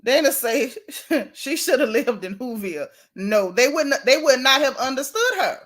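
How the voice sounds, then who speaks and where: A middle-aged woman, hosting a casual gossip livestream, animated and sassy as she reads out viewer comments. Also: sits high, moderate pace. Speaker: livestream host.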